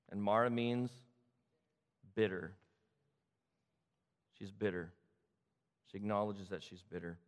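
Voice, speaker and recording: A man from the Sacramento area preaching a sermon, retelling the story with animated repetition. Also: on the low side, takes it slowly, pauses often, clean tone, big-room sound. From Sacramento area, California. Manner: animated storytelling, repeats phrases. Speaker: pastor.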